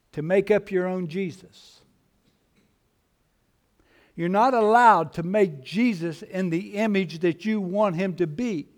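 A man preaching a sermon in church, slow and emphatic, repeating his phrases for weight. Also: high-pitched. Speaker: pastor.

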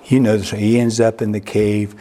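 A man preaching a sermon, telling a story with restarts and repeated words, his pitch jumping upward at emotional peaks. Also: level tone, normal speed, dark tone. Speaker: pastor.

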